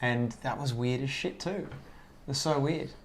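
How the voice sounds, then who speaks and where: A man's voice: medium pitch, steady tone, unhurried, a little hiss or hum. A man, telling stories in a loose, rambling casual chat and swearing often. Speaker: guest.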